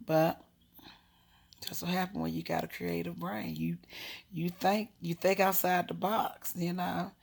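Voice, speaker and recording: A woman from Maryland casually telling a personal story, animated and frank with profanity, often dropping into a hushed whisper. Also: on the low side, measured pace, vocal fry, slightly rough. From Maryland, USA.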